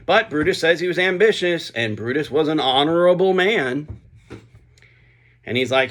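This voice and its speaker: A man's voice: fairly high pitch, expressive, normal speed, pauses often, a bit bright. A man retelling a play's plot in a casual spoken summary, chatty, with frequent fillers and asides.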